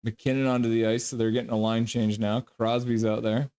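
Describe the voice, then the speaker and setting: A man with a voice pitched right in the middle of the male range, talking casually through a live hockey stream. He calls the action in short, clipped phrases and drops loose asides between the plays. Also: flat delivery, warm tone, clear, resonant tone, no room sound. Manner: quick clipped play calls mixed with offhand chat remarks. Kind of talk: casual live play-by-play commentary.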